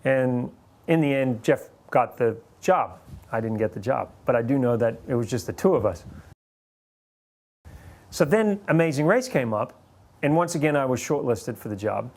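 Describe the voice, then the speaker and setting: In a reflective interview, a forties-aged New Zealander whose accent leans partly American shares stories from his TV-hosting career. He talks at normal speed in a mid-range, slightly mellow voice with lively intonation.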